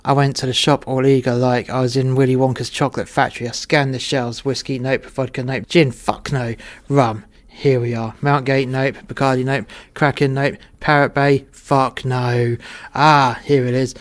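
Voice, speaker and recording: A man's voice: mid-range voice, level tone, normal speed. Guy narrating his own story, swears a lot, plain blunt chatty delivery. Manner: profane, blunt and conversational. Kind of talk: first-person story narration.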